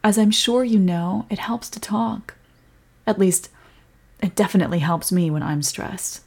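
A young woman in a whispered role-play as a comforting girlfriend, speaking softly and protectively. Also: medium pitch, unhurried. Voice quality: breathy.

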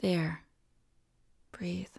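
A woman in a whispered role-play as a doting partner, talking softly and tenderly and often dropping into whispers. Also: fairly low pitch, flat delivery, drawn-out words, creaky, husky. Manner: soft, tender, soothing, slips into whispers. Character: doting, reassuring partner comforting the listener.

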